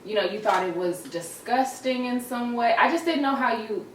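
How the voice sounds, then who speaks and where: A woman's voice: a little high, moderate pace, slight background noise. A young adult woman vlogger speaking candidly and reflectively in a casual conversation. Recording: roomy, slightly distant mic with faint ambience.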